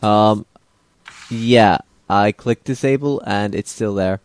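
A man's voice: fairly low pitch, slow, no room sound. A man co-hosting a casual movie commentary, dry and wry. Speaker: co-host.

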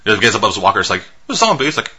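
A man's voice: lowish voice, fairly even intonation, racing, bright, forceful tone, slight background noise. A man co-hosting a movie podcast in casual chat, talking loosely with lots of swearing and filler words. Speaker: podcast co-host reviewing movies.

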